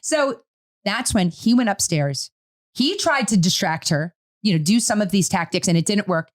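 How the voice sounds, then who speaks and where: Woman, middle-aged, co-host, casual storytelling, very expressive pitch. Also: normal speed. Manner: animated storytelling, quotes her own words. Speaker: podcast co-host. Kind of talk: casual parenting discussion.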